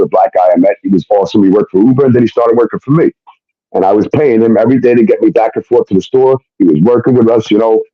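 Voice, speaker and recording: A male guest with a lowish voice tells a personal story in a casual, emphatic way, swearing often and tacking "okay?" onto his sentences. The recording is dull, dry and lo-fi.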